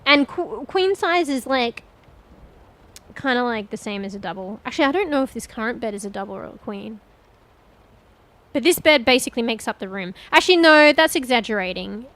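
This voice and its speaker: A woman's voice: a little high, animated, brisk, fairly bright tone, poor audio. A woman streaming a game and chatting casually with viewers, thinking aloud and swearing now and then. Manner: chatty, addresses viewers directly. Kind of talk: casual gameplay commentary.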